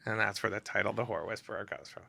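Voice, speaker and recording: A man's voice: lowish voice, fast, creaky, breathy edge, no echo, studio quality. A man telling comic stories as a guest on a podcast, acting out the dialogue. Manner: animated storyteller who acts out quoted dialogue. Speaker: celebrity photographer, podcast guest. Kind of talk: comic storytelling in a podcast interview.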